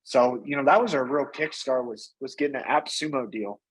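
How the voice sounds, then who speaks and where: A man being interviewed as a guest, telling his business story in a casual, energetic way and often tagging on "right?" and "you know". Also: mid-range voice, fairly quick, breathy edge, rough recording. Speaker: guest, company founder and CEO.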